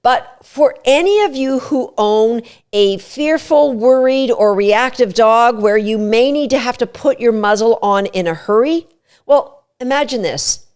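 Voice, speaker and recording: A woman giving an energetic podcast lesson on dog training, repeating each step plainly. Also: a little high, unhurried, clear, resonant tone. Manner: energetic, instructive, repeats steps.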